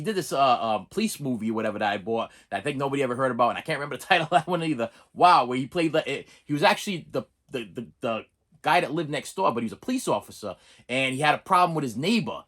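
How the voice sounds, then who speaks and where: A man's voice: mid-range voice, lively intonation, quick pace, fairly bright tone. A middle-aged man reviewing cheap movie discs in a casual, rambling way, stammering and restarting often and cracking jokes. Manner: jokey, breaks into off-key singing and impressions.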